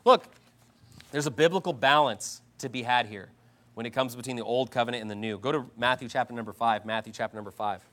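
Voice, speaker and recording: A man preaching a sermon, combative and mocking, swinging between loud outbursts and low asides. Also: a little fast. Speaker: pastor.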